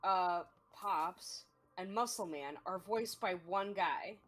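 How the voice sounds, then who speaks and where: A woman's voice: on the low side, slow pace, fairly bright tone. A woman chatting casually with a game streamer in an offhand, talkative way. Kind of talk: casual chat.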